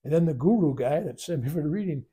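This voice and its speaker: A man leading a spiritual workshop, telling a long personal story in a rambling, animated way and acting out the quoted voices. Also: fairly high pitch, fast talker, husky. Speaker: spiritual teacher. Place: workshop room.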